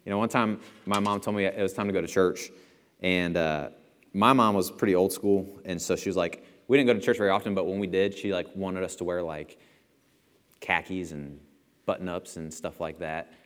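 A man's voice: sits low, fairly even intonation, normal speed. A young man giving a casual, storytelling sermon in a church, chatty and self-deprecating and chuckling often. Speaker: church speaker. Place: church auditorium. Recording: long hall reverb.

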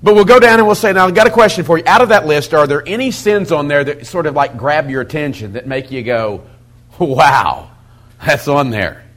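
Folksy, animated middle-aged male preacher. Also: fairly high pitch, quick pace, hardly any pauses. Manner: folksy, animated storytelling with quoted asides. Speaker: pastor teaching a Bible study method. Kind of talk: sermon-style teaching talk.

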